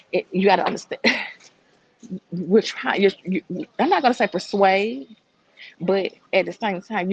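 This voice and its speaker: Middle-aged woman, chatty livestream host, walking and a little winded, mid pitch. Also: creaky, slightly rough, lo-fi sound. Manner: chatty, reads viewer comments aloud. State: out of breath while walking. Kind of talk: casual livestream commentary. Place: walking through a crowded shop.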